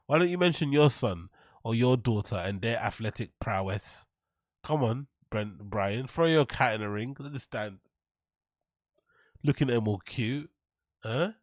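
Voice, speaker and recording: A man hosts a reaction show, picking apart a clip with sneering sarcasm and a steady stream of profanity. His voice sits at a middle pitch, recorded dry and close with no room sound. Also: unhurried, pauses often, no echo. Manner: mocking, sarcastic, swears a lot. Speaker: commentary show host. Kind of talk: reaction commentary.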